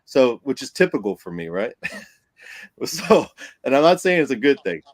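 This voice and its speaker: A man, a paranormal investigator, telling a story on a podcast in a casual, animated way, acting out what people said and laughing often. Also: medium pitch, moderate pace, no room sound.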